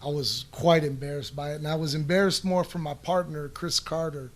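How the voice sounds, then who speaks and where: A man's voice: on the high side, fairly even intonation, brisk. A middle-aged man in a casual podcast chat, telling rambling stories with swearing, restarts and fillers. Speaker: podcast guest answering listener questions.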